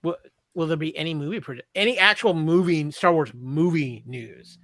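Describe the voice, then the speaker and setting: A man's voice: fairly high pitch, normal speed, a bit bright, dry recording. A man co-hosting a podcast in casual chat, eager and speculative, stumbling over restarts. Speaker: podcast co-host.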